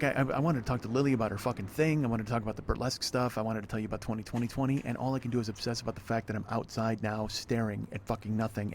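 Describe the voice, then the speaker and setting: Hosting a solo podcast outdoors beside an apartment pool, a man rambles in frustration and swears as he goes. His voice is medium in pitch and a little mellow, with wind and planes overhead in the background.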